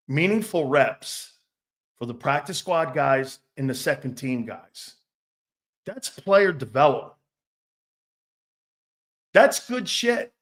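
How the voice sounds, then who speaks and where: A man's voice: fairly high pitch, a bit bright. A man hosting a sports talk show, rambling and joking with frequent laughs, blunt and a bit profane.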